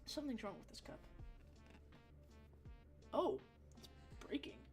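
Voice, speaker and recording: Young woman gaming on stream, kinda high voice, rambly, swears a lot, lil bit of music playing behind. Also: sing-song, unhurried, darkish tone. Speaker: game streamer. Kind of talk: casual livestream chat over gameplay.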